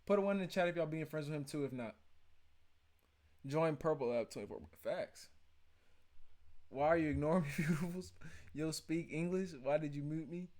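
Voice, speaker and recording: Man, livestream host, joking, slangy, teasing chat, fairly high voice. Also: normal speed, pauses often. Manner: loud, joking, mocking slang banter. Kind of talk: casual livestream chat with viewers.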